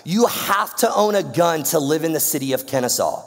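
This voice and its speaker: A man's voice: on the high side, lively intonation, normal speed, creaky, long reverb tail. A young man from Georgia, telling a slangy, playful story to a youth audience. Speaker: youth speaker.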